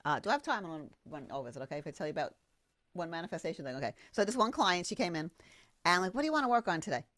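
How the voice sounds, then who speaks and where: A woman, a sound therapist guesting on a podcast, telling a story in an enthusiastic, expressive, rambling way. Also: lowish voice, rapid-fire, no echo. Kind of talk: animated storytelling.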